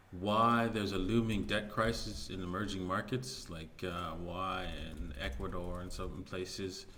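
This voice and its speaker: A man's voice: deep voice, bright, forceful tone, a little hiss or hum. A man hosting his own video, talking loosely through market news with many fillers and restarts. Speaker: crypto video host. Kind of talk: casual market commentary.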